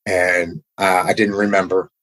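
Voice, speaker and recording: A man's voice: deep voice, flat delivery, fairly bright tone, poor audio. A man telling a personal story in a casual, earnest way, often stumbling and repeating words. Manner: earnest, halting, repeats words when emotional.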